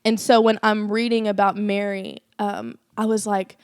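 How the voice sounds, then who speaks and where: A woman's voice: mid-range voice, fairly even intonation, measured pace, a little mellow, clean tone, no room sound, studio quality. Earnest young woman sharing a faith story. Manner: earnest, emotional storytelling with many fillers. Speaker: podcast co-host. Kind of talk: casual faith podcast chat.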